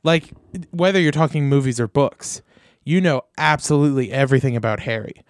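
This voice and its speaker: A man's voice: mid-range voice, brisk, dry recording, clean studio sound. A man co-hosting a casual podcast, joking and reading stories aloud. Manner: joking, reads articles aloud. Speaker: podcast co-host. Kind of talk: casual chat.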